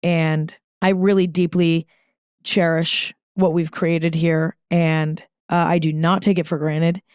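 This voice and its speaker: A woman's voice: deep voice, little pitch movement, slow, a little mellow, clear, resonant tone, no room sound. Chatty young woman podcast host, dry close sound. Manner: chatty, earnest, swears freely, lots of "like" fillers. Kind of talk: casual solo podcast monologue.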